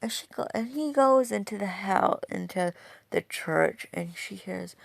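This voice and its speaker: Gravelly, rambling woman storyteller. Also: medium pitch, expressive, a little slow, no echo. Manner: rambling, profane, full of "you know". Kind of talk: casual fan-fiction storytelling.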